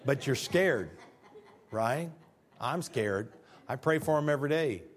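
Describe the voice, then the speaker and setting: A man's voice: medium pitch, animated, a little slow. A man in his fifties, a pastor giving a conversational sermon full of jokes and rhetorical questions.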